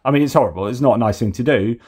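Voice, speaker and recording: A man's voice: mid-range voice, very fast, darkish tone, husky. A man from the UK hosting a casual news commentary show, talking loosely with sarcastic, mocking asides. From United Kingdom. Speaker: host.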